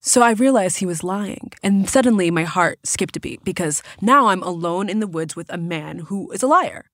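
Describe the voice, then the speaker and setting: Woman podcast guest, animated storyteller, acts out quotes, dry close studio sound. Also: fairly low pitch, normal speed, dry recording. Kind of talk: casual storytelling.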